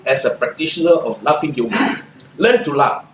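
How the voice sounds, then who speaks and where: An older man with a Singaporean English accent giving a lively motivational talk, punchy and animated, often laughing. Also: fairly high pitch, moderate pace, slight background noise. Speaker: motivational speaker. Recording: echoey room, far from mic.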